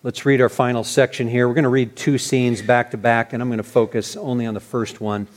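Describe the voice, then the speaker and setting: A man preaching a sermon as pastor, earnest and animated, sometimes restarting his phrases. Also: medium pitch, a little fast.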